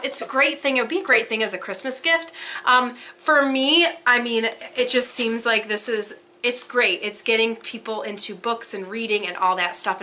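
A woman's voice: a little high, pushed and bright, a little hiss or hum. A woman chatting casually while unboxing, gushing and gasping with whispered awe. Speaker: unboxing vlogger.

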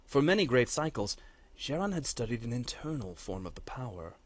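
A man, a course instructor, reading a fantasy story aloud in a measured, dramatic way. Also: medium pitch, big pitch swings, husky.

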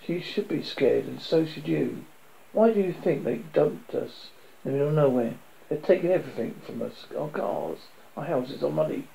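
A man's voice: a little high, lively intonation, moderate pace, creaky, mellow, a little hiss or hum, rough recording. A man voicing a blunt, pessimistic man in a read-aloud story. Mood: bitter. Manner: barking and blunt.

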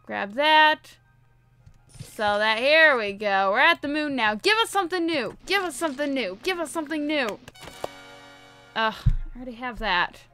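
A woman's voice: high-pitched, bright, forceful tone. A woman giving casual, playful let's-play commentary, chatting to her viewers and repeating herself often. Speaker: gaming video host.

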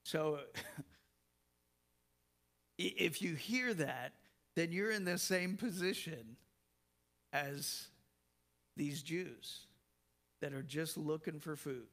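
A man delivers a sermon at an unhurried pace, his voice pitched high and bright. He leans on words for emphasis and lets small laughs slip between phrases, sometimes repeating himself as he goes. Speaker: pastor.

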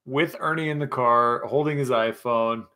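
A man's voice: mid-range voice, normal speed, pushed and bright. A young man hosting a casual livestream chat, a bit tipsy from scotch, rambling and swearing as he reads chat and tells stories. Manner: rambling, profane, laughing storyteller. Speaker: livestream host.

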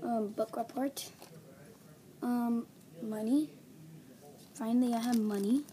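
A high-voiced female vlogger gushes and gasps as she unboxes, clearly thrilled. She talks at an unhurried, drawn-out pace. The home recording carries steady background noise. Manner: gushing, gasping, breathless excitement. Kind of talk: excited doll unboxing vlog.

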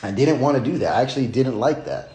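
Male streamer, blunt and profane, mid-pitched, rambling off the cuff in an echoey room. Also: expressive, fast, mellow. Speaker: livestream host. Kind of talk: casual unscripted livestream rant. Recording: roomy echo.

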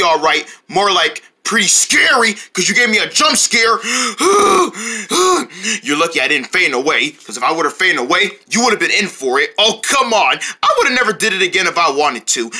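A woman voicing homemade parody cartoon ads, playfully jumping between character voices and shouted cries. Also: lowish voice, slightly rough.

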